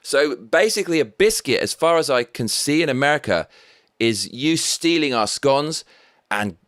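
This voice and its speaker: An Englishman hosts a casual live stream and chats through viewer comments. He rambles and swears cheerfully in a cheeky tone, at a middling pitch. The sound is close and dry, with no room echo. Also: a bit bright. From England.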